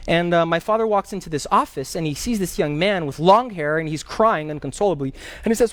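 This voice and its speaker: A man's voice: a little high, fast, few pauses, no echo. Man teaching a Bible class, dry sound. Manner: animated storytelling, repeats key phrases, sometimes searches for words.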